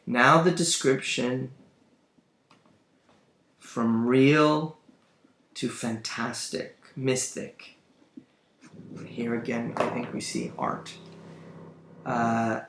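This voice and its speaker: A man's voice: mid-range voice, fairly even intonation, drawn-out words, long pauses, a bit bright. A man teaching a lesson on a play, thoughtful and musing with emphatic bursts. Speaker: literature teacher. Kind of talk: lecture on a play. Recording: roomy room, faint background hum.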